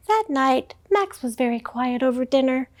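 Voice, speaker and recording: A woman librarian reading a children's picture book aloud with slow, expressive storytelling. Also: high-pitched.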